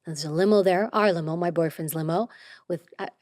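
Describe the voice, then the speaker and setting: A woman's voice: on the low side, fairly quick, dry recording, studio quality. A middle-aged woman, an interview guest, telling a story casually and acting out quoted dialogue. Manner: animated, acts out quoted dialogue.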